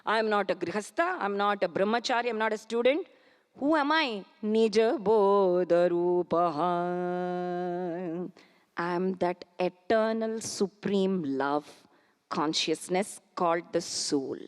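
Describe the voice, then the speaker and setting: Animated Indian woman, auditorium echo. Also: medium pitch. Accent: Indian English. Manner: rapid rhetorical questions, slow chanted Sanskrit verses. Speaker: spiritual speaker. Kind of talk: spiritual discourse with storytelling. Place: large auditorium. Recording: auditorium reverb.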